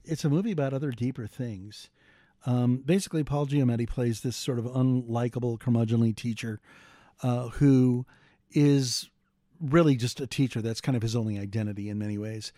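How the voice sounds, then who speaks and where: Middle-aged guy rambling about a movie, um-heavy, dark mellow tone, dry close mic. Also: mid-range voice, dry recording. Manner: rambling, many fillers and restarts. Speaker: podcast co-host. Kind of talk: casual film discussion.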